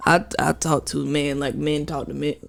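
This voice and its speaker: A woman's voice: deep voice, flat delivery, moderate pace, gravelly. A woman co-hosting a comedy podcast in casual chat, blunt and dry. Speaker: podcast co-host.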